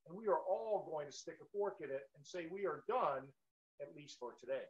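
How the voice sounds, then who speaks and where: A man co-hosting a live marketing stream, pitching in an emphatic, motivational way. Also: expressive, brisk. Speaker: co-host of a marketing webinar. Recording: dull, lo-fi stream audio.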